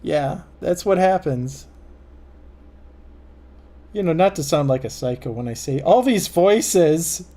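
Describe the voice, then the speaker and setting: A man's voice: a little high, unhurried, long pauses, dark tone. A man streaming as a cartoonist, chatting casually while he draws, joking and laughing often.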